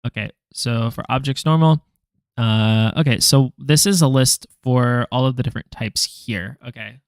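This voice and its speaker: A man working through a language lesson out loud, halting, correcting himself and making wry asides. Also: mid-range voice, clean tone, dry recording, studio quality. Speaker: language learner vlogger. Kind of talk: thinking-aloud study session.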